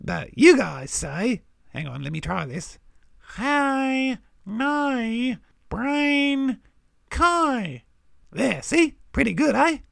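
Cast a brash Australian crow: heavy fry, swooping lively delivery, close dry sound. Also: male voice, extremely high pitch, very slow, no echo, heavily acted. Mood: cheeky. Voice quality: gravelly. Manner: brash, teasing, drawled "mate" and "g'day" slang. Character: cheeky know-it-all male Australian crow. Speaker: regular fact-telling puppet character.

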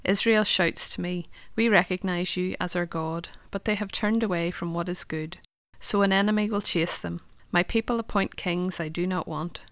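Gravelly woman reading scripture. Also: lowish voice, steady tone, no echo. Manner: clear, measured reading. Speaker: scripture reader. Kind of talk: Bible reading.

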